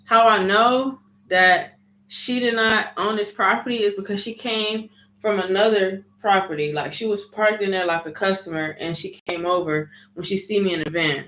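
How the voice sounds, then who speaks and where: A woman's voice: medium pitch, moderate pace, fairly bright tone. A woman vlogger telling a story in a casual, chatty way, full of "like" and "you know". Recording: echoey room.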